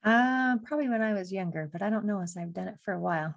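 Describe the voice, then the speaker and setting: A woman's voice: medium pitch, lively intonation, fast talker, vocal fry. A woman hosting a podcast interview, effusive and encouraging toward her guest. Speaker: podcast host. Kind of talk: conversational interview.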